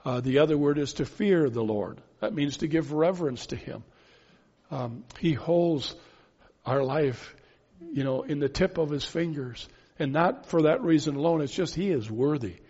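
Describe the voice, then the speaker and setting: A man's voice: on the high side, moderate pace, a little mellow, husky. Earnest preacher man in echoing hall. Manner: earnest, repeats key phrases for emphasis. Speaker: pastor. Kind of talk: sermon. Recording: dull sound with long hall reverb.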